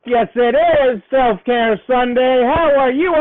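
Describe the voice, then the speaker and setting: Speaking slowly at an extremely high pitch, this man greets viewers on a casual live stream aimed at store owners. He cheers them on, keeps repeating himself, and plays up a southern twang for fun, and the audio sounds tinny, like a phone.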